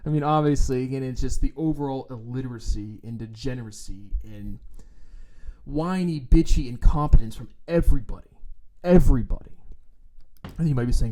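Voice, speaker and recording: A man's voice: medium pitch, a little fast, mellow. A man on his trading vlog, talking in a blunt, profane and sarcastic rant, now and then mocking others in put-on voices. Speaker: trading vlogger. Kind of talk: ranting casual monologue. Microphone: own microphone, adjusted while talking.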